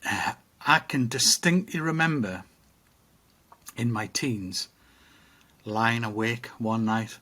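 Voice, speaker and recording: A man's voice: mid-range voice, takes it slowly, long pauses, bright, forceful tone. A middle-aged man co-hosting a casual podcast, reflective and rambling with restarts. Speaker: podcast co-host. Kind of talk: casual chat.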